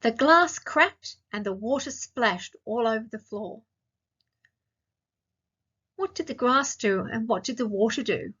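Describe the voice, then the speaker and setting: Woman, Australian accent, teacher voice, slow sing-song questions, higher pitch, dull lo-fi sound. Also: animated, fairly bright tone, husky. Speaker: primary school teacher. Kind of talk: recorded online grammar lesson for young children.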